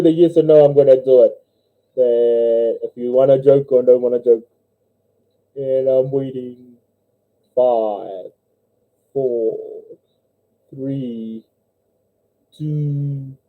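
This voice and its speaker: Young NZ-accented man, stream host, a bit high-pitched, laughs at his own jokes; dull home-mic audio. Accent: New Zealand. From New Zealand. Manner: giggly, laughs through his own jokes, squeaky voices for characters. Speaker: livestream host. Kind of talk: casual livestream chat and joke telling.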